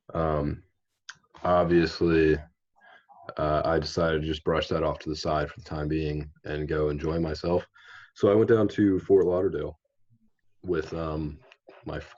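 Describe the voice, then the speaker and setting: A man's voice: extremely low pitch, darkish tone, highs cut off. A young man telling a rambling story in a laid-back way, full of fillers, as a podcast guest. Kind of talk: casual storytelling chat.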